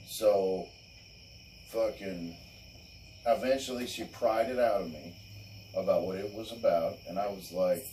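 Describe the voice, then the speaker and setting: A man's voice: deep voice, normal speed, dark tone, recorded from a distance, a little hiss or hum, poor audio. Blunt, profane man ranting off-mic. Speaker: show host. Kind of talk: casual crude podcast chat.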